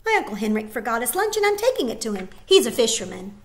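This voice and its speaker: A bold little girl pipes up in a bright, raised voice, as a woman reading aloud puts her on. She chatters on, talks back sharply and breaks into tears when pushed. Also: on the high side, sing-song, fast, a little hiss or hum. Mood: chattering. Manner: chattery, then angry and tearful. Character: brave spirited ten-year-old girl.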